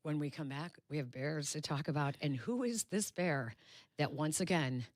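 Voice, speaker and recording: A woman co-hosts a sports radio show. She has a lowish voice and is recorded dry on a close studio mic. She tells stories in a chatty, animated way. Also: moderate pace, no room sound. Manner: animated retelling, acts out quoted voices. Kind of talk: casual radio chat, storytelling. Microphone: studio microphone.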